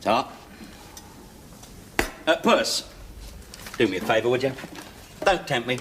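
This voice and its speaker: A sardonic ex-con dad. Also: male voice, medium pitch, lively intonation, slow pace. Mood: teasing. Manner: wisecracking, dry and teasing. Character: sardonic middle-aged male ex-convict father. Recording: noisy old TV sitcom recording.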